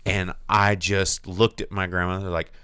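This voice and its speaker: A man hosting a casual movie podcast, an animated storyteller who acts out voices and sound effects. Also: sits low, moderate pace, smooth, dry recording, clean studio sound. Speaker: podcast host. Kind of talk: casual chat about movies.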